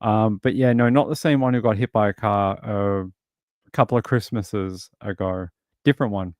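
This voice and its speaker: A man's voice: fairly low pitch, moderate pace, dry recording. An Australian man hosting a livestream, chatting casually and rambling through stories while answering viewers. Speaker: livestream host.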